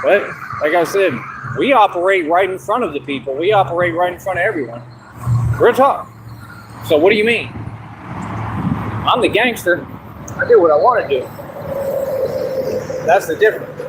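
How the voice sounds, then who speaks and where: A man rants outdoors at night, boastful and combative, circling back to the same points. His voice sits a little high for a man. Steady background noise from the open air and passing traffic runs under the stream. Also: a little fast, long pauses. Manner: boastful, combative, repeats himself. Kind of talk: ranting monologue. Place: outdoors in the dark.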